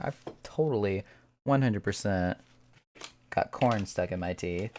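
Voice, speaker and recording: A woman's voice: extremely low pitch, unhurried, long pauses, darkish tone. A woman streamer chatting casually and joking offhandedly while she plays a game. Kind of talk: casual gameplay chat.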